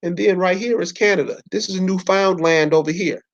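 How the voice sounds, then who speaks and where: A man's voice: sits high, a little fast, muffled recording. A man giving an informal lecture from a map, speaking in loose slangy speech and firing rhetorical questions straight at his listeners.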